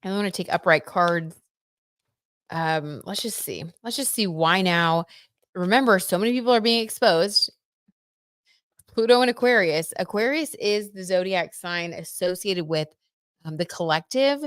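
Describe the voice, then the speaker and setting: A woman giving a casual live tarot reading in a chatty, excitable way, full of fillers. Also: on the low side, measured pace, smooth, no echo, clean studio sound. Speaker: tarot reader.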